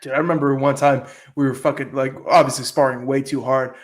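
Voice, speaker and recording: A man's voice: medium pitch, steady tone, a little fast. A man hosting a casual interview, talking loosely with lots of swearing and filler words. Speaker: jiu-jitsu gym owner and host. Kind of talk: casual podcast chat.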